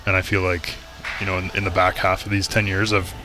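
A man in his thirties, a football player guest, answering in a relaxed, halting way with fillers. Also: low voice, soft background music. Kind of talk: casual interview chat.

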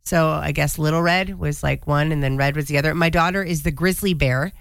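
A chatty woman co-hosting a radio show, talking in an easy, upbeat way and reading out messages from listeners. Her voice sits on the lower side. The sound is close and dry, with no room echo. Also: fairly even intonation, a little fast, vocal fry. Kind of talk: casual radio chat.

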